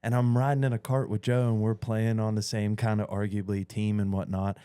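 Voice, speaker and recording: Brief: man, 30s, podcast co-host, animated storyteller who swears, mid-pitched, dry close sound. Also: fairly quick, smooth, no echo. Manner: animated storyteller, swearing, acting out his own thoughts. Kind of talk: casual chat.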